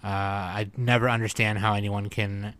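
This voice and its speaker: A man's voice: on the low side, flat delivery, normal speed, a bit bright. A young man hosting a podcast in casual chat, loose and profane, often laughing. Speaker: podcast host.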